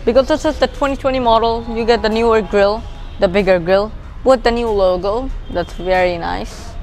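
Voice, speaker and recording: A woman's voice: a little high, brisk, a little mellow, faint music behind. Chatty Bangladeshi-accented woman reviewing a car. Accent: Bangladeshi English. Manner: chatty, explanatory, points things out as she goes. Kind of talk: casual walkaround car review. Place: outdoors beside a parked car.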